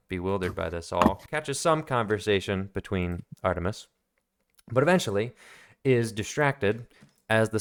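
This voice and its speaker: A man's voice: on the low side, smooth. A man running a tabletop game as game master, narrating the scene in a casual, rambling way with fillers, at a home desk.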